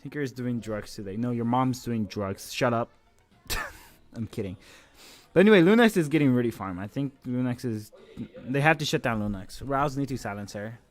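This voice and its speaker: A man casually commentating an esports match on his live stream, joking and swearing, with bursts of excited shouting. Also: mid-range voice, moderate pace.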